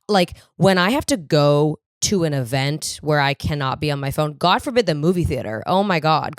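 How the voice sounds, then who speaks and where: A woman's voice: deep voice, lively intonation, moderate pace, few pauses, no echo, clean studio sound. A young woman hosting a solo podcast, ranting with lots of swearing and self-deprecating humor. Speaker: podcast host. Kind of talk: solo comedic podcast monologue.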